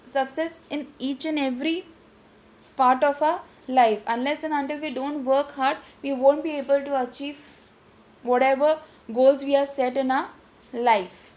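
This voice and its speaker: A woman with an Indian English accent teaches an online literature lesson, reading a story aloud and giving vocabulary instructions. Her voice sits high with a darkish tone, and her instructive delivery repeats phrases and restarts often.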